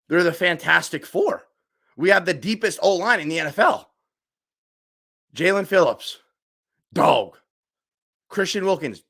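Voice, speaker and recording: A man in his twenties, a sports fan streamer ranting emotionally to his chat, swinging from shouts to hushed murmurs. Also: on the high side. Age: 20s. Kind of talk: excited casual fan rant.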